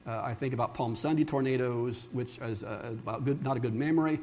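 A man's voice: medium pitch, brisk, darkish tone, a little hiss or hum. A middle-aged male pastor preaching a sermon in an earnest, conversational way, with asides and restarts.

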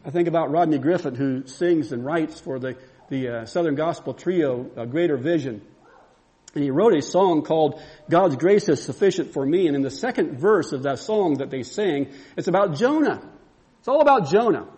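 A man's voice: fairly high pitch, expressive, normal speed, warm tone. A man preaching a sermon, telling a story and building to fervent, repeated exclamations.

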